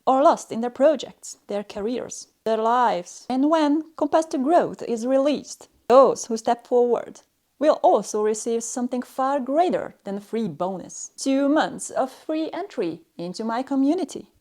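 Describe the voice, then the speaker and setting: Stern woman language teacher, fairly high voice, cold and condescending, slow clipped phrases. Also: animated, dark tone. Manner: slow, clipped delivery with pauses between short phrases. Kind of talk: scripted lesson narration.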